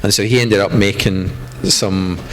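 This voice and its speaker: A low-voiced man talking through his work at a panel discussion. He rambles casually, full of ums and restarts. A faint hiss of noise sits under his voice. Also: steady tone, a little slow, fairly bright tone, rough recording. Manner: loose, conversational, many fillers and restarts. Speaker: panel artist. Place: gallery room.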